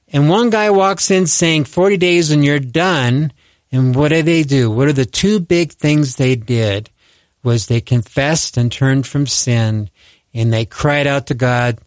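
Earnest man preaching, fairly high voice. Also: dry recording. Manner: earnest, exhorting, rises in pitch for emphasis. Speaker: preacher hosting a ministry show. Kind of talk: sermon.

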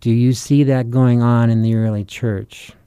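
An American Christian author and preacher gives earnest, urgent sermon-style teaching packed with rhetorical questions. His mid-range voice is warm and smooth, delivered flatly and a little slowly, with no room sound.

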